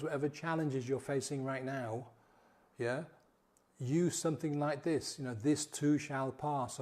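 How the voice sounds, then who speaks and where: A middle-aged man, a coach, guiding listeners through a repeated mantra and then explaining it. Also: mid-range voice. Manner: slow, soft, repetitive guiding. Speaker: sobriety coach. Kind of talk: guided mantra meditation and talk.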